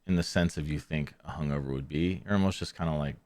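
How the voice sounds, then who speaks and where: A man hosting a podcast, telling a casual story in a rambling way, often correcting himself and trailing off quietly. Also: a bass voice, fast talker. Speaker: podcast host.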